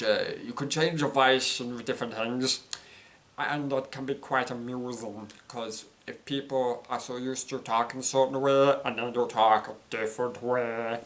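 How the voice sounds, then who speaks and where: A man's voice: mid-range voice, fairly bright tone, a little hiss or hum. An Irish man rambling through a casual vlog monologue, hesitant, with many ums and restarted words. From Ireland. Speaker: vlogger.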